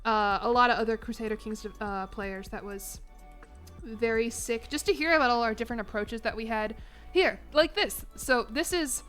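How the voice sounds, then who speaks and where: A young woman from Chicago talking loosely to her stream, circling back on herself and laughing as she goes. Her voice sits a little high, and faint music plays quietly beneath her. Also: normal speed. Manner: rambling, emotional, self-mocking, laughs often. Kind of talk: casual chat on stream.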